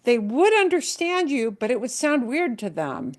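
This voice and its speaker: A woman's voice: sits high, big pitch swings. A woman teaching a Spanish lesson, explaining patiently and often checking in with her students, mixing English with Spanish examples. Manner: slow, patient explaining with many checks like "right?". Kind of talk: live language lesson.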